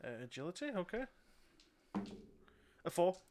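A man playing a tabletop game, relaxed and laughing in casual banter. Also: high-pitched, normal speed. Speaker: player.

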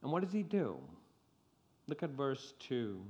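A man preaching a sermon, speaking slowly with frequent repeated restarts. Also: mid-range voice, big pitch swings, a little mellow, muffled recording.

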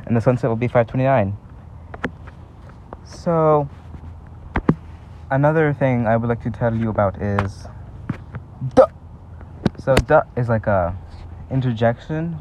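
A man chatting in a casual, rambling vlog from a park, talking haltingly with lots of fillers. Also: mid-range voice, mellow, highs cut off, a little hiss or hum. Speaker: vlogger. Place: outdoors in a park. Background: faint breeze and park ambience.

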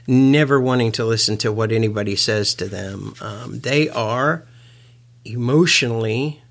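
Male lecturer, mid-pitched, earnest and emphatic, a reflective teaching talk. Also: a bit bright. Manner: earnest, emphatic, slows down for key words. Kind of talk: educational talk.

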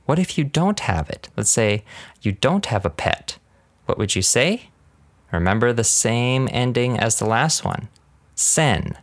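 A man giving a casual podcast language lesson, rambling and laughing often, drilling words slowly. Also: medium pitch, expressive, no echo. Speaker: language teacher.

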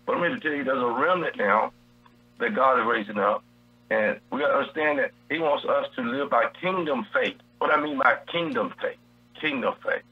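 Husky-voiced man preaching on radio. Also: mid-range voice, normal speed, lo-fi sound. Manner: preacherly, repeats key phrases. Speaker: guest preacher. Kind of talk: radio Bible teaching.

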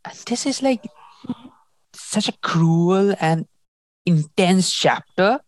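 Low-voiced woman chatting about a book. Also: slow, dry recording. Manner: animated, laughs often, acts out quotes. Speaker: book discussion host. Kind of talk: casual book chat.

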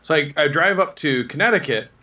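A man in his thirties rattles off anecdotes with lively, rambling energy and acts out the people in them. His voice is bright and a little high. The recording sounds dull and lo-fi. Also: fairly quick. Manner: rambling, animated anecdotes with acted quotes. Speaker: guest telling stories. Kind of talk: casual storytelling.

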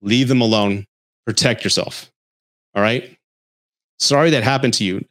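A man hosting a podcast, telling a dating story in an animated, blunt way and swearing freely before giving advice. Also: lowish voice, normal speed. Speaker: podcast host.

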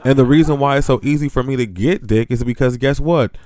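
Against a noisy background, a man with a mid-range voice hosts a podcast at a brisk clip. He rants and gossips in a blunt, profane, sassy manner, animated and laughing often.

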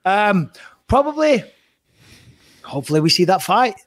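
A man's voice: high-pitched, sing-song, a little slow, no room sound, studio quality. Chatty, swearing male podcast host. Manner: chatty, swearing, self-correcting. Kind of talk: casual chat.

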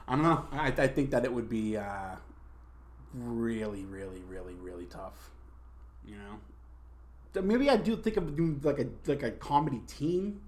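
A man's voice: medium pitch, a little mellow. A young man hosting a podcast, chatting casually with lots of swearing and restarts. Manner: rambling, swears, many restarts. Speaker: podcast host. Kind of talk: casual chat.

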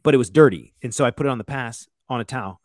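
A man's voice: medium pitch, very fast, no echo, studio quality. A man in his thirties, a chef, telling stories in a loose, casual way with lots of "like" and "you know" and some swearing. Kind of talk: casual storytelling chat.

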